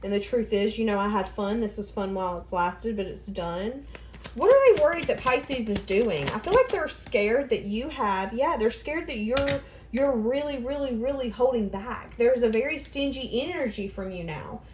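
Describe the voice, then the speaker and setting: A woman's voice: fairly high pitch, expressive, normal speed, darkish tone, a little hiss or hum. A woman giving a casual tarot reading, rambling and thinking aloud as she goes. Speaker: tarot reader. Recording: echoey room.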